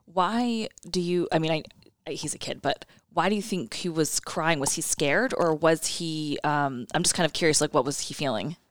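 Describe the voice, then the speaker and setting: Low-voiced woman asking gentle questions. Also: moderate pace, a little hiss or hum. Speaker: interviewer. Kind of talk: casual conversation.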